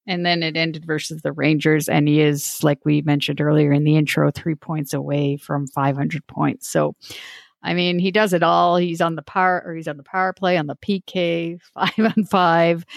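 A woman's voice: on the low side, vocal fry, no echo, studio quality. A woman co-hosting a podcast in casual sports chat, talkative and laughing often, with many restarts. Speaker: podcast co-host.

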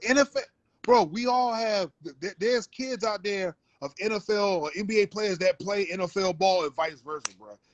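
A man's voice: sits high, moderate pace, no room sound, lo-fi sound. A man arguing his point in a heated sports debate, insisting and repeating himself. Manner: insistent, repeats himself, calls people bro.

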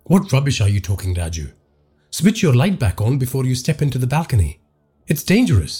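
A man reading a horror story aloud, voicing a grieving middle-aged father who speaks urgently and forcefully. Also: medium pitch, big pitch swings, a little fast, slightly rough. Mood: scolding.

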